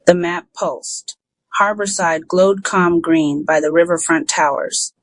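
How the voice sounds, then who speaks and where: Even, unhurried audiobook narrator. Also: mid-range voice, dry recording, poor audio. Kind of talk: first-person audiobook narration.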